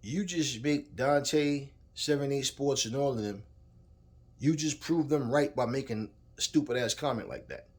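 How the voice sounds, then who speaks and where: A boxing commentator in a medium-pitched voice delivers a heated, profane rant without hurrying. He repeats himself and speaks straight at the fighter in this casual commentary.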